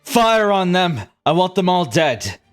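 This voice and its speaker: A man's voice: medium pitch, fairly even intonation, moderate pace, soft background music, natural voice. A man voicing a hostile woman tribal leader in a tabletop game, commanding and contemptuous. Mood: menacing.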